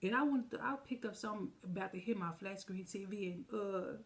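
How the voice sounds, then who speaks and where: A woman with a gravelly voice at a middle pitch, telling a personal story for a casual storytime vlog. She talks to her viewers like friends and acts out the lines of the people she is quoting. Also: brisk. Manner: chatty, addresses viewers directly; vivid retelling with quoted dialogue. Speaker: storytime vlogger.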